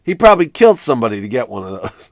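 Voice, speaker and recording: A man's voice: medium pitch, sing-song, racing, no room sound, clean studio sound. A man in casual chat, talking animatedly with lots of restarts and repeated words.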